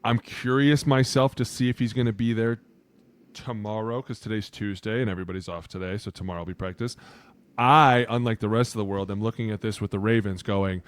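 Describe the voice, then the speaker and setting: A man co-hosting a sports podcast in casual talk. He is loud and profane and often acts out what other people say. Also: fairly low pitch, fairly even intonation, brisk, smooth. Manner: loud, profane, acts out quotes in put-on voices. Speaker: podcast co-host.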